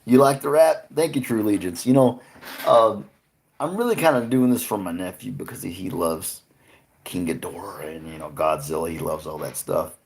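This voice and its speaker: A man's voice: sits low, normal speed, creaky. A man hosting a casual livestream, chatting loosely with viewers, swearing freely and laughing often. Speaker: livestream host. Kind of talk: casual live-stream chat with viewers.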